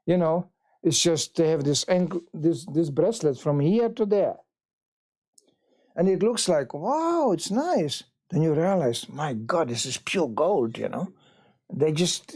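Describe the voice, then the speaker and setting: A man telling stories during a temple talk, his pitch leaping up and down with lively energy. He slips into the voices of the people he describes, keeping the room along with an easy, anecdotal flow. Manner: animated storyteller, acts out quoted voices. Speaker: visiting monk giving a talk. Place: temple hall.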